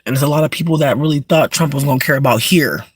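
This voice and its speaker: A livestreamer in a casual rant, full of swearing, dropping to low mutters and then bursting into shrieking laughter, talking from inside a car. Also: fast talker, husky, no echo.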